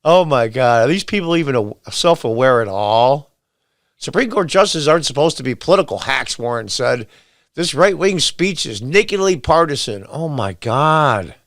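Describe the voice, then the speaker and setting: A man's voice: medium pitch, animated, normal speed, no echo, clean studio sound. Blunt, sarcastic male commentary host. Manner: reads quotes aloud, then rants back at them. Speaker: podcast host. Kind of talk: opinion commentary monologue.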